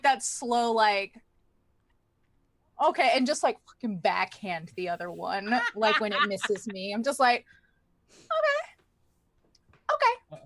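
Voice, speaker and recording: A woman chatting casually at a tabletop gaming table, loose, informal and quick to laugh. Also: fairly high pitch, fairly bright tone, no echo. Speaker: player.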